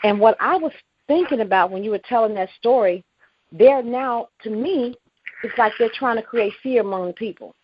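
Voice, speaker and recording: Excited woman caller on a muffled line. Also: fairly high pitch, normal speed. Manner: excited, gushing, repeats herself. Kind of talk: excited call-in chat. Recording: muffled phone line with faint hiss.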